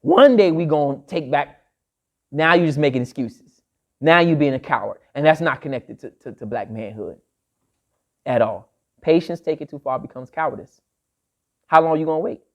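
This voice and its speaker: A man's voice: a little high, expressive, normal speed, long pauses. A man lecturing to a live audience, emphatic and repeating his key phrases like a refrain. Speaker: speaker addressing an audience.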